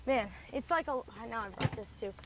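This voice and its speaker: Speaking fairly quickly in an expressive, fairly bright voice on the high side, a woman golf vlogger narrates her shots on a windy course. She's out of breath, chatty and thinking aloud, full of "likes" and restarts, with slight background noise.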